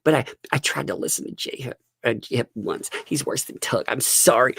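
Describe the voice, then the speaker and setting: A man's voice: on the high side, animated, moderate pace, creaky, fairly bright tone, husky, dry recording, clean studio sound. A man giving live-stream commentary, ranting and laughing as he mocks other streamers. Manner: laughing, mocking, exasperated rants.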